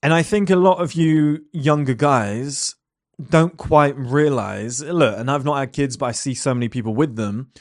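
A man's voice: mid-range voice, normal speed, dry recording, clean studio sound. A young man talking bluntly at his desk, swearing and rambling with lots of fillers and rhetorical questions. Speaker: entrepreneur talking to camera. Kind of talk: casual monologue.

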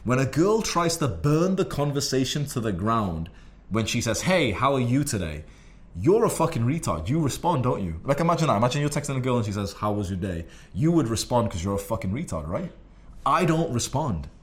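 A young man delivers a profane advice monologue in a blunt, condescending way. His pitch swings widely as he lectures, and he swears in nearly every sentence. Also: big pitch swings, a little fast. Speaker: dating advice host.

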